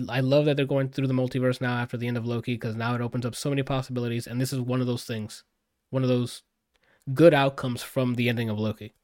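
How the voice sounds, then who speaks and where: This man's medium, slightly mellow voice comes through in clean, dry studio sound. He's chatting casually on a podcast, enthusing over a film he recently saw while cursing freely and filling the gaps with rambling fillers.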